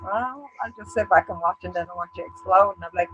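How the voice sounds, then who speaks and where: A woman's voice: lowish voice, quick pace, hardly any pauses, muffled recording, slight background noise. A woman co-hosting a casual chat show, blunt and sweary, acting out what others say about her. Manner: blunt, sweary, animated, acts out other people's remarks. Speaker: co-host.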